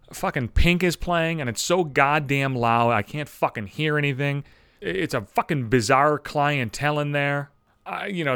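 A man hosting his own podcast, telling rambling comedic stories, profane and animated. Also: medium pitch, smooth, dry recording, studio quality. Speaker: podcast host. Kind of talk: comedic storytelling monologue.

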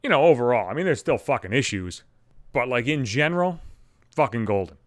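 A man's voice: medium pitch, very animated, brisk, dry recording. Swearing man ranting into a dry mic. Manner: heavy swearing, blunt, ranting. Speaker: podcast host. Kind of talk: solo profane rant. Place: home apartment, alone. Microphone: studio microphone.

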